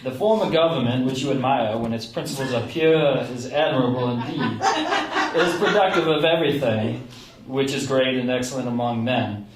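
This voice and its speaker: A man voicing an older, moralizing New England gentleman with a New England accent, reading a letter aloud in a slow, declamatory way. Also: mid-range voice, animated, crowd noise, close to an everyday voice. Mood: earnest. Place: small theatre stage with audience. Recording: roomy live room, mic at a distance.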